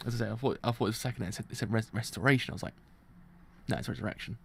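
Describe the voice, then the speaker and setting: Man, casual reaction commentary, gravelly voice, stumbles and repeats words. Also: medium pitch, very fast, slight background noise. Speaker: manga reaction host.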